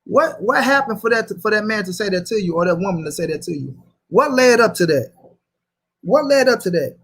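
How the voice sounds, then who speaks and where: A man runs a casual livestream and argues hard. His voice sits fairly high, and he swears freely as he reads viewer comments aloud. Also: expressive, fairly quick, a bit bright, breathy edge. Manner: heated, profane, reads chat aloud. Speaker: host.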